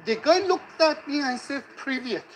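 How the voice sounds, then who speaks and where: A man's voice: very high voice, lively intonation, a little slow, a bit bright, slight background noise, rough recording. A man chatting casually outdoors on a street, teasing and swearing in a mock-grumpy way. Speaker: vlog companion. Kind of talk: casual joking chat.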